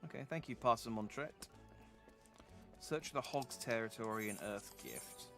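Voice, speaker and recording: A man's voice: on the low side, a little slow, creaky, over music. A man streaming a video game, chatting casually and rambling, often restarting his sentences. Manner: rambling, self-interrupting, chatty. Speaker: vtuber streamer.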